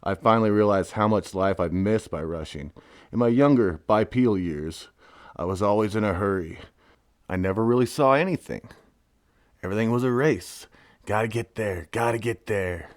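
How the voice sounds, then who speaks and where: A man's voice: lowish voice, normal speed, no echo, studio quality. A man reading his own memoir aloud in a wry, casual storytelling manner. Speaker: narrator.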